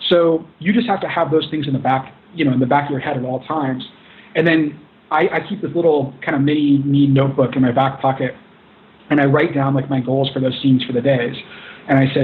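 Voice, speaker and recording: A man's voice: a little high, steady tone, fairly quick, slight background noise. A man, a film director, talking in an earnest, rambling way with many restarts as an interview guest. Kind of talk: casual interview. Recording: tinny phone-like line.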